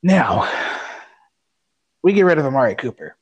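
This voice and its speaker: A man's voice: medium pitch, measured pace, long pauses, soft background music. A man in his late twenties co-hosting a sports podcast, ranting with heavy profanity and rising anger. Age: late 20s. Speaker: podcast co-host. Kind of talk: casual sports podcast chat.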